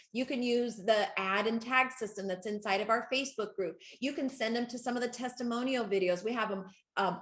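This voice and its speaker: A woman coaching a live group call, excitable and quick to laugh, speaking straight to her audience. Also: on the high side, roomy sound. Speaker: network marketing coach.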